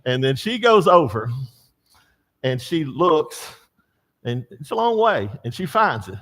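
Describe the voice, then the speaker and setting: An older man with a slightly high voice teaches a church Bible class at an unhurried pace. He's animated, telling stories and putting questions to the class.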